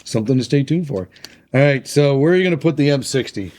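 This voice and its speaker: A man's voice: mid-range voice, lively intonation, quick pace, a little mellow. A man co-hosting a casual podcast chat, talking loosely with lots of fillers and laughs. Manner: chatty, laughs often, filler-heavy. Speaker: podcast co-host.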